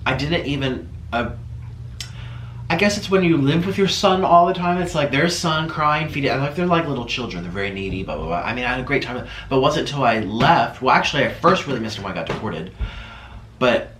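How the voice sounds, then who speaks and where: A man's voice: medium pitch, expressive, fairly bright tone, a little hiss or hum. Upset man in an echoey room. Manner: tearful, halting, with many pauses and fillers. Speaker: vlogger. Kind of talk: emotional casual vlog talk.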